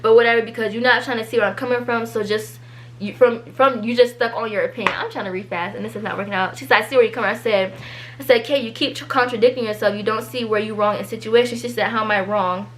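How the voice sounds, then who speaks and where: A teenage girl, telling a storytime vlog and reading out an argument, animated and exasperated. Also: a little high. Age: teens. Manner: animated, exasperated, quick asides. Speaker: vlogger.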